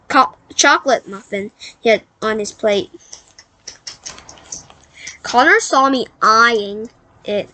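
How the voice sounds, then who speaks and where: Slow, halting woman reading a storybook. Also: fairly high pitch, pushed and bright, no echo. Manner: halting, self-correcting read-aloud. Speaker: book reader.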